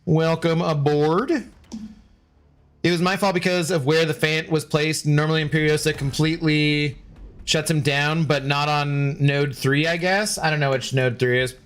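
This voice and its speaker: A man's voice: a little high, fairly even intonation, moderate pace, a bit bright, clear, resonant tone. A young man streaming a game, chatting casually and ranting with exasperation, swearing freely. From United States. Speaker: gaming streamer. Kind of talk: casual live-stream commentary.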